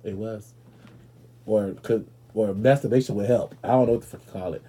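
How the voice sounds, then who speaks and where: A man hosting a podcast in a casual comedic monologue. He is brash and profane, talks straight to his listeners, and jumps into loud, high-pitched outbursts. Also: fairly quick, slightly rough. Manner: addresses listeners directly. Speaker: podcast host.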